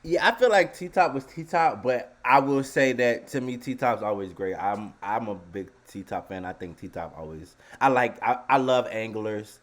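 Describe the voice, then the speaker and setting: A man co-hosting a casual podcast chat, relaxed and full of opinions. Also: mid-range voice, unhurried, hardly any pauses. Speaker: co-host.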